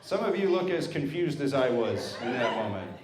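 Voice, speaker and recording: A man doing a stand-up comedy set, telling stories in a deadpan way with acted quotes. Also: medium pitch, moderate pace. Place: brewery stage with live audience. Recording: roomy live venue with crowd laughter. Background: audience laughing.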